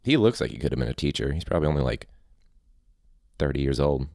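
A man's voice: extremely low pitch, sing-song, quick pace, gravelly, a little mellow, no echo, studio quality. A man, a teacher hosting a podcast, rambling casually and laughing at his own ideas. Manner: rambling, laughing, self-interrupting. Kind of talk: casual solo podcast chat.

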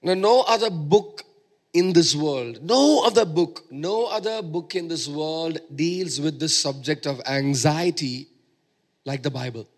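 A male preacher delivering a sermon in a somewhat high voice. He is emphatic and drives his points home by repeating phrases. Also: measured pace.

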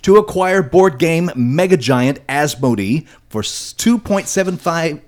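Brief: man hosting a podcast, slightly high voice, lively pitch, playful. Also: unhurried. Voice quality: playful, announcer-like segment reads. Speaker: podcast host.

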